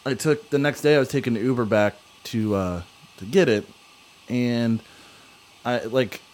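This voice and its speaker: A man's voice: medium pitch, normal speed, darkish tone. A young man telling a long story in casual chat, rambling with many fillers.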